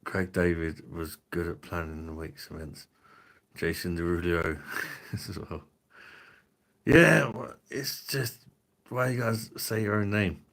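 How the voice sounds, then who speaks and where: A livestream host with a low, deep voice chats directly to his viewers in a loose stream, swearing freely, cracking crude jokes and greeting chat members by name. He speaks slowly with vocal fry, pauses often and sounds a bit bright.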